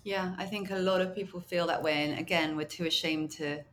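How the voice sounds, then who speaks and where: Low-pitched woman interviewer. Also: fairly even intonation, a little fast, slight background noise. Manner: brief, encouraging replies. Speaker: host. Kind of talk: casual interview questions.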